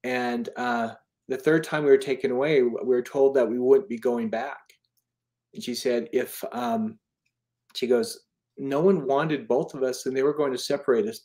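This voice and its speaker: Man in his 50s, earnest, rambling storyteller, mid-pitched voice, casual interview. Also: a little mellow. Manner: earnest, rambling with restarts and fillers. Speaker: author and charity founder.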